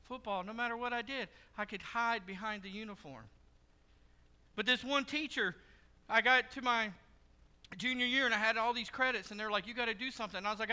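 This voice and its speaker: A pastor giving a sermon in a church, telling stories in a conversational, joking way. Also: male voice, extremely high pitch, sharp tone, clear, resonant tone. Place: church sanctuary. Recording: long hall reverb.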